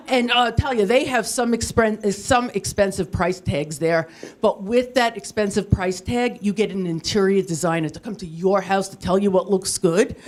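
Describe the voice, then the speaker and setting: A woman doing stand-up comedy on a studio stage. She sets up each joke in a plain, even tone and lands self-mocking punchlines with a straight face. Her voice sits at an ordinary middle pitch. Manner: self-deprecating deadpan punchlines. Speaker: stand-up comic. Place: TV studio with live audience.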